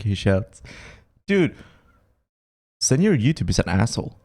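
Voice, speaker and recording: Give me a lower-pitched man casually reading a text adventure aloud on a live stream. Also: expressive, a little mellow. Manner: casual, reads game text quickly, trails off with fillers while deciding moves.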